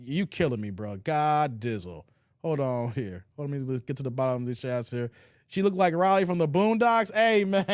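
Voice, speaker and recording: Brief: male reaction host, high for a man, joking and loose, dry close mic. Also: no echo. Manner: loose, joking, laughs often. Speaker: commentary show host. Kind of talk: reaction commentary reading live chat.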